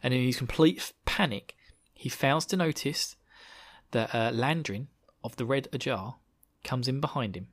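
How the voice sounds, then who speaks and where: Male podcast host, casual and animated, slangy storyteller with a middle-pitched voice. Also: normal speed. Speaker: podcast host recapping a book. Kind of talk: casual chat.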